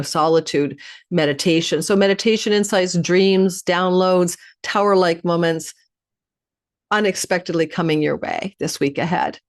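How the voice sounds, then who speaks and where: A middle-aged female astrologer delivers a weekly horoscope forecast straight to camera in a low-pitched voice. She's rapid and lively, addressing viewers sign by sign.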